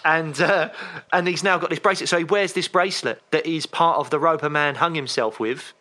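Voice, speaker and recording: A man co-hosting a podcast, telling a story in a chatty, animated way. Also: on the high side, fairly quick. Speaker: podcast co-host. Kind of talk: casual chat.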